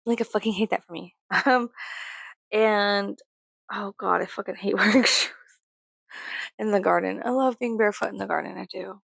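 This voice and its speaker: A woman vlogger ranting in a casual, rambling way, full of swearing, jumping from loud outbursts to low mutters. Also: fairly even intonation, moderate pace, creaky, long pauses, no echo.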